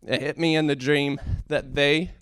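Male speaker, earnest church testimony; smooth, resonant tone, halting delivery that rises into passionate preaching, dry recording. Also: fairly high pitch, fairly even intonation, a bit bright, no echo. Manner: earnest, halting, with many fillers and restarts; builds to impassioned preaching. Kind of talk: heartfelt testimony sermon.

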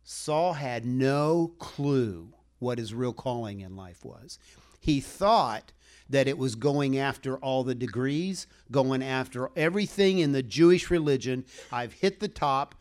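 A man's voice: medium pitch, animated, a little slow, a little mellow. Folksy rambling male preacher. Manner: folksy, rambling, chuckles often, asks for a show of hands. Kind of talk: sermon.

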